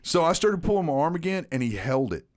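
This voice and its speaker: A man telling a story in a casual podcast chat, animated and swearing, acting out what people said. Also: a little high, quick pace. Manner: animated, swearing, acts out quotes. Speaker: podcast co-host.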